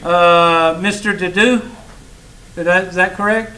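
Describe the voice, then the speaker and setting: A man talking to his students, folksy and teasing as he spins a story. His voice is bright and forceful, and there is a faint hiss of background noise in the classroom. He pitches a little higher than most men. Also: fairly even intonation, measured pace, poor audio. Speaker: college math instructor. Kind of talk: casual classroom talk.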